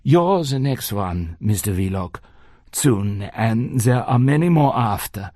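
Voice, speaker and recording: Man voicing an older nazi hunter, german accent, grave, formal, measured, slow, dry sound. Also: medium pitch, lively intonation, a little mellow, no room sound. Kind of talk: audiobook character voice.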